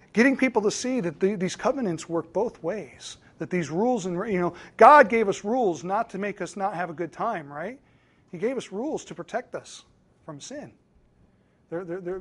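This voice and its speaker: A man in his thirties with a notably high-pitched voice, speaking as a pastor in a church training talk. He talks earnestly and conversationally, moving from guidance to stories from his own ministry. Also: lively intonation, normal speed, fairly bright tone, slightly rough.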